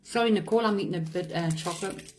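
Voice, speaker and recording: A woman's voice: lowish voice, quick pace, slight background noise, poor audio. A woman, a psychic medium, chatting casually on a live stream, reading out viewers' comments, answering them and laughing often.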